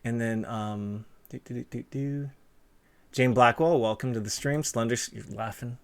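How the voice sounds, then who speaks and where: A man's voice: mid-range voice, normal speed, clean tone. A man hosting a casual livestream interview, reading chat messages and cracking dad jokes, with a stuffed-up nose. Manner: jokey, self-deprecating, punny.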